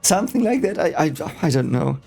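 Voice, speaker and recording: A man's voice: a little high, very animated, brisk, vocal fry, warm tone, faint music behind. A man whose first language is German, casually reading a book aloud for the first time and reacting with rambling, hesitant, exasperated asides.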